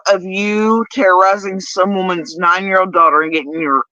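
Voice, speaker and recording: A man's voice: high-pitched, fairly even intonation, normal speed, sharp tone, dry recording. A man taunting and mocking someone sarcastically in an argument. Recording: dull lo-fi dry clip.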